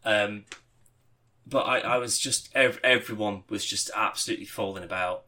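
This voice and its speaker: A man, a podcast co-host, chatting casually and telling a rambling, animated story with swearing and laughter. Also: lowish voice, normal speed. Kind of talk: casual chat.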